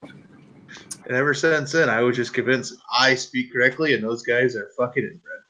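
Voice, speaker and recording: A man's voice: mid-range voice, normal speed, dull audio. A man from Wisconsin, casually telling a story to friends on a podcast and swearing freely. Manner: animated, acts out others' voices, swears freely.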